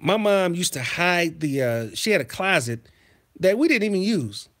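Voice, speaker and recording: Here a livestream host tells stories from his childhood and responds to viewers in the chat. Speaking at normal speed, he has a slightly high, widely swinging voice and is animated and profane, lurching into loud cursing outbursts.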